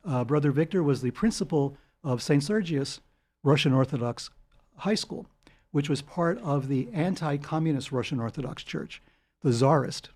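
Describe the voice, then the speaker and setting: An older man, telling long anecdotes as a guest in an interview, animated and chuckling. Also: on the high side, normal speed. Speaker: guest author. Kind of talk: storytelling interview.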